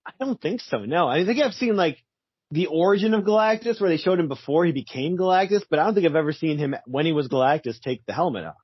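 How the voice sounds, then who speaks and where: A man with a slightly husky, somewhat high voice recaps a comic on a podcast, amused and laughing as he talks. The audio is muffled and dry. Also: lively intonation, quick pace, dry recording. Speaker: podcast co-host. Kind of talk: casual chat recapping a comic.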